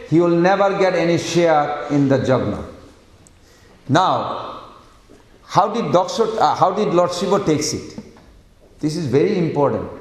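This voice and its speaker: A man preaching at a devotional scripture class, questioning the audience and acting out quoted voices with sudden loud outbursts, in non-native English. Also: on the high side. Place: class room. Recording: roomy hall with long echo.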